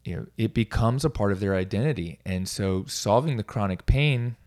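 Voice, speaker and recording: A man's voice: on the low side, moderate pace, a little mellow. A middle-aged man, a coach, talking casually on his own, rambling with restarts and small self-amused laughs. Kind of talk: casual solo talk.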